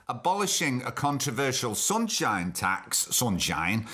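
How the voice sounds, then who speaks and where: A middle-aged British man hosts a podcast, reading news items and tossing in indignant, opinionated asides and rhetorical questions. His voice is medium-pitched and bright, with a forceful tone.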